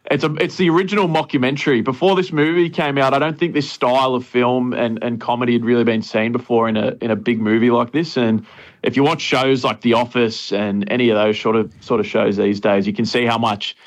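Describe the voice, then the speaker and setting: A man's voice: medium pitch, steady tone, brisk. Keen guy on radio explaining stuff, easygoing midrange voice. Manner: enthusiastic explainer. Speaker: guest. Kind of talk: casual radio chat.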